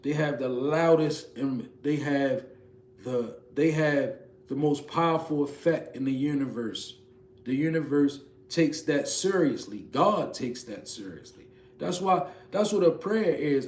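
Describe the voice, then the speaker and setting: A man, preaching a spiritual message in an emphatic, rhythmic way with sudden soft asides. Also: on the high side, reverberant. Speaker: spiritual reader.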